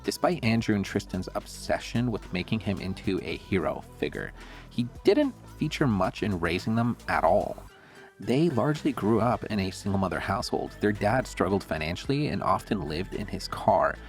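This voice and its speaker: A man narrating a commentary video in a measured, explanatory way. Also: lowish voice, very animated, faint music behind. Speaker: host and narrator.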